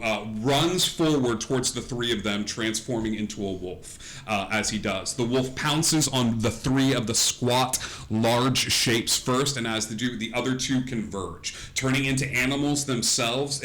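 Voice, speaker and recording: A man's voice: mid-range voice, a little slow, fairly bright tone. A man narrating a tabletop game as game master, meandering along with many fillers.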